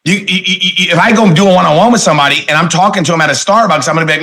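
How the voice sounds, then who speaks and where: A middle-aged man giving a motivational sales training talk, energetic and punchy, repeating his key phrases. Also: a little high, rapid-fire.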